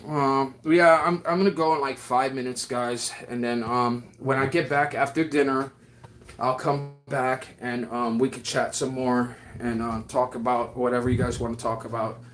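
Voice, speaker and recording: A man's voice: mid-range voice, fairly even intonation, moderate pace, a bit bright. Rambling, friendly livestream guy. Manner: rambling, affectionate, heavy on fillers. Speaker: livestream host. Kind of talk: casual livestream chat.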